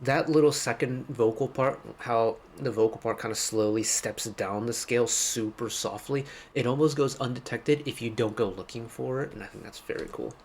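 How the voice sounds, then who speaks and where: A man with a medium-pitched voice talks through a song in a relaxed, casual way. He is eager and attentive to small details as he hosts his music reaction video. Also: normal speed, few pauses, a little hiss or hum. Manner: enthusiastic, detail-focused.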